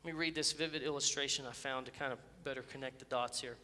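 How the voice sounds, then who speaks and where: A man's voice: medium pitch, fairly even intonation, fast talker, sharp tone. A man, a pastor preaching an earnest, passionate sermon with emphatic builds. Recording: echoey church sanctuary.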